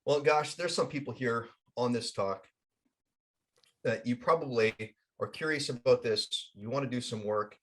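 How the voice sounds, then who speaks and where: A man's voice: mid-range voice, moderate pace. A man who is a guest and coach on a podcast, telling a story and speaking emphatically and energetically. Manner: emphatic, energetic, acts out voices. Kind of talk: animated storytelling and plugs.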